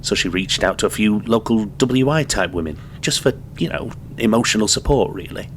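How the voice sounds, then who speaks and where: A man playing a grown son who recounts his childhood in a halting, subdued way. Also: on the low side, lively intonation, a little hiss or hum. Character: weary grown son of abused mother.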